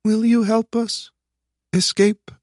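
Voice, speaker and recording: Male narrator doing a shaken female captive: high, breathy, halting, with a dry close sound. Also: little pitch movement, a little mellow, no echo. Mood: frightened. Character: frightened young woman captive, shaken.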